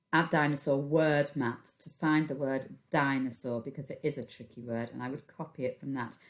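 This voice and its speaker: A woman with a British accent, a primary school teacher giving a recorded phonics lesson to young children, patiently sounding out words into a computer microphone. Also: low voice. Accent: British English.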